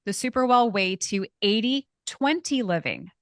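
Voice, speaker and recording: A woman's voice: a little high, expressive, normal speed, no echo. Woman, podcast host, enthusiastic, affirming, dry close sound. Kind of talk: podcast interview.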